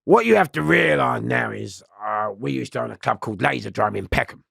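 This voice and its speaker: A man telling a prison story in an interview, animated and swearing, acting out voices and laughing often. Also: mid-range voice, a little fast, gravelly, husky, dry recording, clean studio sound. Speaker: interview guest.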